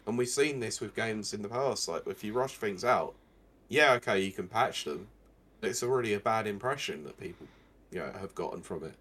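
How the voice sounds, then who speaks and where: Young male co-host, lowish voice, sardonic news reader, casual gaming podcast. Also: fairly quick, a bit bright, slightly rough. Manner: sarcastic, reads news quotes and riffs on them.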